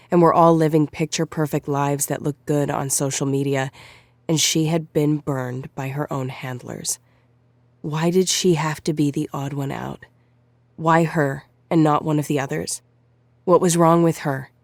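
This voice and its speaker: A narrator reading a novel in a measured storytelling manner. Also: medium pitch, steady tone, no echo. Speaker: audiobook narrator. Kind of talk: scripted narration.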